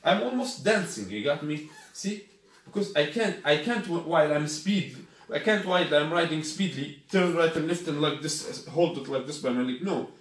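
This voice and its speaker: In an echoey room with faint noise, a product reviewer whose first language is Arabic casually unboxes and demonstrates a scooter. He speaks non-native English at a normal speed with a fairly high, expressive voice, often asking "you got me?"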